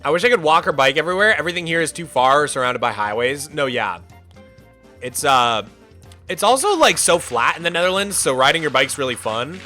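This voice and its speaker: Young American man, streamer, casual rambling chat, bright tone, somewhat high voice. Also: big pitch swings, brisk, faint music behind. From United States. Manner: rambling, filler-heavy, often says "like". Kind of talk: casual chat, reading out chat messages.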